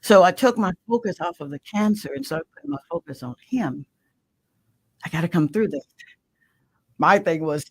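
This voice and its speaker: A middle-aged woman from Mississippi telling her personal story as a guest, impassioned, swinging from loud emphatic bursts to hushed whispers. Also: lowish voice, animated, moderate pace, long pauses, breathy edge, poor audio. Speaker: guest, radio show host. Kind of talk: emotional personal testimony.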